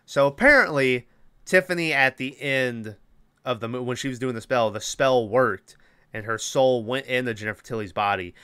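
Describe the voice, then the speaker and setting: Bright, crisp-voiced man recapping a movie. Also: mid-range voice, no echo, clean studio sound. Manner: animated, swears freely, rambling with fillers. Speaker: podcast host.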